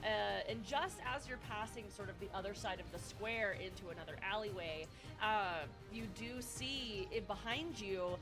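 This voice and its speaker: A woman's voice: medium pitch, expressive, normal speed, hardly any pauses, over music. A woman narrating as dungeon master of a tabletop game, chatty and full of fillers. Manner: chatty, laughing, lots of fillers.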